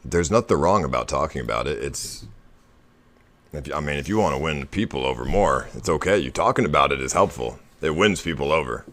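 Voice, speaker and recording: Very deep-voiced man coaxing. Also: expressive, brisk, fairly bright tone. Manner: coaxing, persuasive. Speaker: streamer. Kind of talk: casual stream talk.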